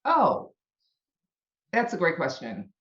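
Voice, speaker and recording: Animated middle-aged woman with a Brooklyn accent. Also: on the low side, takes it slowly. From Brooklyn, New York. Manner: animated storyteller, laughs often. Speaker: guest. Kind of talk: casual interview chat. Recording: roomy, dull-sounding audio.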